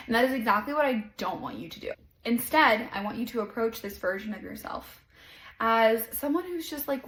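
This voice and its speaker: Woman doing a self-help podcast, kinda high voice, gentle and chatty, roomy echo. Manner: gentle, encouraging, says "like" often. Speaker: podcast host. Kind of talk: casual self-help talk.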